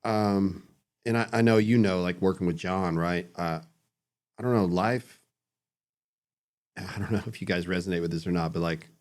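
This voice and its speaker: Very deep-voiced hesitant male guest. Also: normal speed, long pauses, darkish tone. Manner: hesitant, searching for words. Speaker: guest filmmaker. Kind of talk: casual chat.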